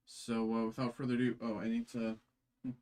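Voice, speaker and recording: A man's voice: medium pitch, monotone, fairly quick, darkish tone. A man hosting a live card-opening stream, chatting casually with lots of fillers, restarts and self-deprecating jokes. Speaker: card break host.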